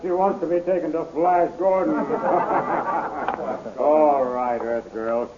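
An actor playing a mocking palace guard with a slow, gloating drawl in a 1930s radio drama. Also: male voice, on the high side, fairly even intonation, dull audio, lightly acted. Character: sneering male palace guard. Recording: scratchy 1930s radio recording.

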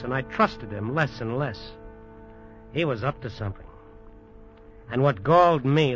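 A man's voice: medium pitch, natural voice. A suspicious, hot-tempered hotel owner, played by a man in a 1950s radio drama, blunt and wary as he narrates. The sound is dull and lo-fi, like an old broadcast. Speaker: narrator of the story.

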